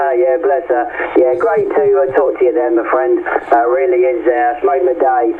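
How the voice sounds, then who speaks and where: A man's voice: mid-range voice, sing-song, measured pace. Englishman over crackly shortwave radio. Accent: East Anglian English. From England. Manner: chatty, adds "there" to every phrase. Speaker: ham radio operator. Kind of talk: radio contact chat. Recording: tinny radio with static hiss.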